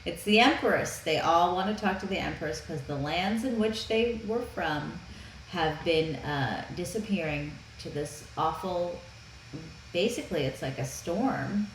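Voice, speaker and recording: A woman co-hosting a podcast in casual movie review chat, chatty and quick to laugh. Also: on the low side, animated. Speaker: podcast co-host. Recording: roomy echo, faint background noise.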